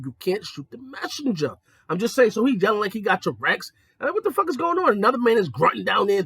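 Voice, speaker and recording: A young man rants through a casual, profane story, his high voice swinging widely between excited peaks and low, mocking asides. The tone is bright with a slight husk, recorded close and dry. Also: breathy edge, no room sound. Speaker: podcast host.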